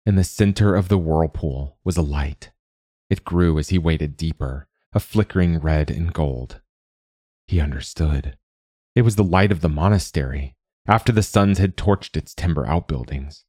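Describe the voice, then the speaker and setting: A man narrating a fantasy story in a steady, even reading. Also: very deep voice, normal speed, no echo, clean studio sound.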